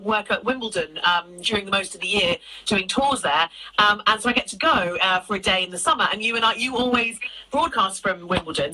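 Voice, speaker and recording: A woman's voice: fairly high pitch, sharp tone, low-quality recording. Upbeat woman hosting a video chat. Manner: enthusiastic, encouraging, asks long questions. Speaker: host. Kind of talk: casual interview chat.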